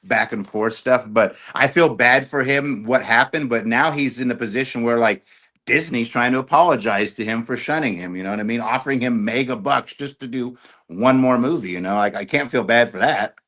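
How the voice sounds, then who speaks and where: A middle-aged man, a storage auction YouTuber, talking on a podcast as a guest in an animated, talkative way. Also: mid-range voice, a little fast. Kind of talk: casual podcast chat.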